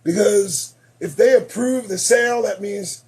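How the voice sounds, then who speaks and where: This man's voice sits high and moves at a measured pace as he hosts a late-night commentary show, though it's starting to go. Emphatic and preachy, he repeats phrases for effect and shifts between yelling and muttering.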